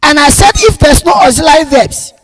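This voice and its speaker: A man teaching a grammar lesson, repeating each point slowly and stressing key words loudly. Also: extremely high pitch, lively intonation. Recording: long reverb, echoey room.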